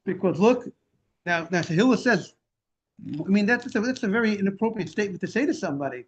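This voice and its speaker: Man, high-pitched, runs a Talmud class, animated explainer, lo-fi call audio. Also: quick pace. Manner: animated explaining, translating Hebrew and Aramaic phrases. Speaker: rabbi teaching Talmud. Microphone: video call. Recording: dull lo-fi video call audio.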